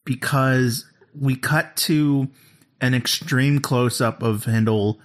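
A man's voice: medium pitch, slow. A man co-hosting a podcast, recapping an episode in casual chat, laughing and acting out lines as he goes. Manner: animated storytelling, laughs often, acts out lines. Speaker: podcast co-host.

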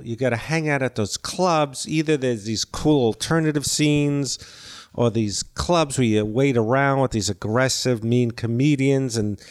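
An older man, an actor and comedian, is a guest in a casual interview chat, meandering through stories with frequent restarts and self-deprecating asides. His voice is smooth, clear, and at an ordinary middle pitch.

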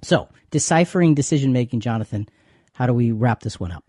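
A man's voice: mid-range voice, expressive, fairly quick, warm tone, no echo, clean studio sound. A man co-hosting a faith talk show, chatty and given to repeating words as he explains. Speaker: co-host.

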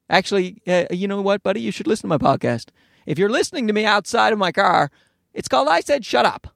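A young man hosting a casual solo podcast from inside his parked car, ranting in a profane, rambling way and jumping up to high pitches. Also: expressive, fast talker, gravelly, fairly bright tone, dry recording, clean studio sound. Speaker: podcast host.

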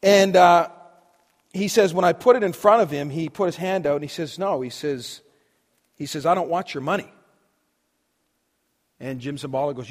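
A man preaching a sermon to students, telling a story and swinging between loud and hushed delivery. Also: on the high side, lively intonation, brisk. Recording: long reverb of a hall.

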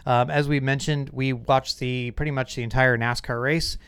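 Middle-aged male podcast host, smooth clear voice, dry close sound, chatty storyteller. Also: mid-range voice, fairly even intonation, moderate pace, fairly bright tone, no room sound. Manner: chatty, storytelling with quoted asides. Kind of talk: casual chat.

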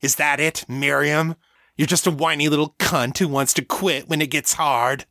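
A crude, domineering vampire master snarls threats and curses at his victim, as a narrator puts him on. His delivery is forceful and bright, pushing hard on every insult. The recording is close and dry. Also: a little high, fairly even intonation, moderate pace, no echo, voice pushed up. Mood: taunting. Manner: snarling, profane, bullying. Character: brutal male vampire sire, crude and domineering.

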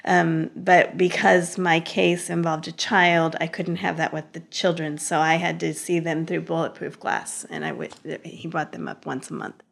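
A woman, a guest in an interview, earnestly recounting a personal story in a relaxed conversational way. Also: low-pitched, moderate pace, gravelly, hardly any pauses.

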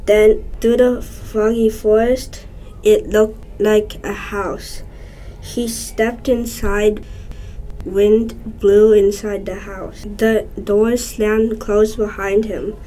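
A woman reading a short story aloud in a slow, even way. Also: mid-range voice, slight background noise, rough recording. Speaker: story reader.

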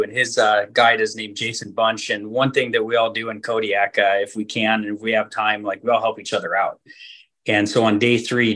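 A man's voice: fairly low pitch, a bit bright. A man from Alaska, a hunting guide, telling a long story in a casual, rambling way with fillers, restarts and laughs. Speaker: hunting guide and podcast guest.

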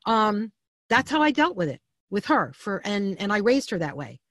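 A middle-aged woman telling family stories as an interview guest, animated and candid, often restarting her sentences. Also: medium pitch, normal speed, no room sound, clean studio sound. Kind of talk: storytelling in a podcast interview.

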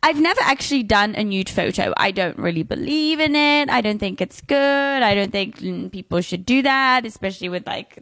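A woman's voice: medium pitch, lively intonation, moderate pace, few pauses, a bit bright, dry recording. A woman co-hosting a podcast, telling stories in chatty bursts with many restarts and fillers. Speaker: podcast co-host. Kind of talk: casual podcast chat.

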